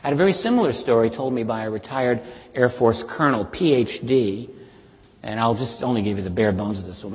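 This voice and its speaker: A man giving a public talk, earnestly retelling witness stories and building suspense, his voice often trailing softer at the end of a point. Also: fairly low pitch. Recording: long reverb of a large hall.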